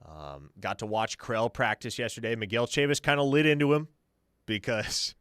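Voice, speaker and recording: A man's voice: mid-range voice, normal speed, fairly bright tone, clean tone, no echo, clean studio sound. A man hosting a sports talk radio show, confidently answering listener questions as a team insider. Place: radio studio.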